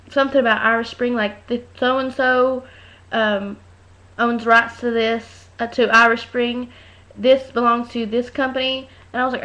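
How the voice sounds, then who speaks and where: A woman chatting into her webcam, telling stories in a loud, animated way and acting out other people's voices. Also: on the high side. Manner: chatty storytelling, acts out voices, talks loud. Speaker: vlogger. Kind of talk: casual webcam rant. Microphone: webcam mic. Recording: dull lo-fi webcam audio.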